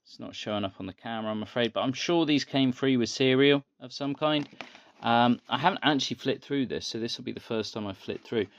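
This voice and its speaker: Man, mid pitch, casual haul vlog, rambling show-and-tell, muffled lo-fi audio. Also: fairly quick, dry recording. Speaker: toy collector vlogger.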